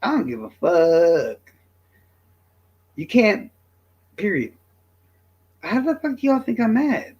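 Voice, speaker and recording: A man in his fifties ranting to his stream chat in a profane, cocky, combative way. His voice sits high for a man and swings widely as he taunts and brags. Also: wildly swooping pitch, slow, long pauses, lo-fi sound. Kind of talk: livestream rant to chat.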